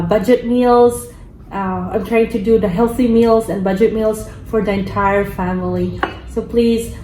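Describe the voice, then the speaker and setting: A woman from the Philippines hosting a family mukbang vlog, chatting slowly and coaxing her child. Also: fairly high pitch, a little mellow. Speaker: vlogger mother hosting a mukbang. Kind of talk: casual family vlog chat. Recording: echoey room with faint background hum.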